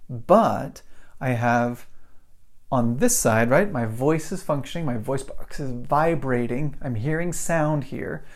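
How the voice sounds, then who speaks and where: Creaky-voiced man teaching pronunciation. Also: medium pitch, slow. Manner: explains patiently, keeps checking with "right?" and "okay?". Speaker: English teacher. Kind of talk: pronunciation lesson to camera. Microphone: microphone in front of him.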